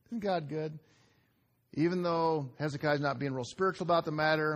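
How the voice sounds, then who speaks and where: A man preaching a sermon in a conversational way, asking the congregation rhetorical questions and dropping to quiet asides between emphatic lines. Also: medium pitch. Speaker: pastor.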